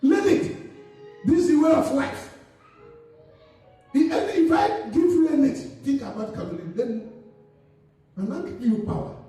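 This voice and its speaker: High-voiced male pastor in an echoey hall. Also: expressive, a little slow, long pauses, dark tone, faint music behind. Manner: call-and-response preaching, asks the congregation to finish his sentences. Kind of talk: sermon. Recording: echoey hall recorded from far off.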